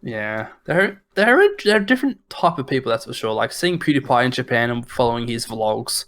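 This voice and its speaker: A young man co-hosting a podcast, telling stories and teasing his friend in animated casual chat. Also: mid-range voice, a little fast. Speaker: podcast co-host.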